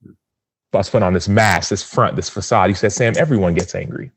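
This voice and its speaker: A man in his thirties, a podcast guest, telling a personal story in an earnest, animated way and acting out the quotes. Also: low voice, fast, slightly rough, no room sound.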